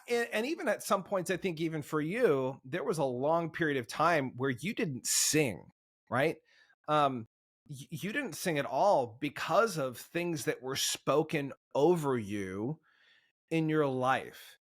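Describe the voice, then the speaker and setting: A man's voice: fairly high pitch, expressive, a little slow, fairly bright tone. A man hosting an interview who asks his guest questions with enthusiasm and repeats words as he starts his sentences. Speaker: host.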